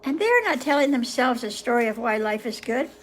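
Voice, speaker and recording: A woman hosting a session where she reads a book aloud to viewers, pausing often in a gentle, unhurried way to muse on the passages. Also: a little high, sing-song. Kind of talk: reading aloud with casual reflections.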